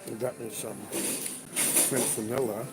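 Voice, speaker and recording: This truck driver's voice is gravelly, mid-range, steady, and slow as he casually reads his livestream viewers' comments aloud while eating breakfast. The truck stop restaurant around him is noisy.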